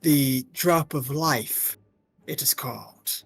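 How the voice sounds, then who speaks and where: A man voicing a scheming villainous male president, speaking very deep, slow and menacing, with faint music behind. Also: vocal fry, husky, heavily acted.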